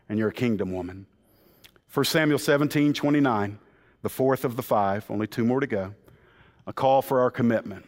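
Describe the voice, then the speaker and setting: A man preaching a sermon, animated and storytelling, acting out the people in the story. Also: mid-range voice. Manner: animated storytelling preacher, acts out quoted voices. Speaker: pastor. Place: church sanctuary. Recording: church hall with long reverb.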